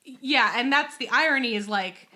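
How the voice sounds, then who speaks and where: A woman in her thirties co-hosting a casual podcast, talking in animated, exasperated rants and laughing often, with a baby in her arms. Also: high voice, moderate pace. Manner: holding a teething baby while talking. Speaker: podcast co-host.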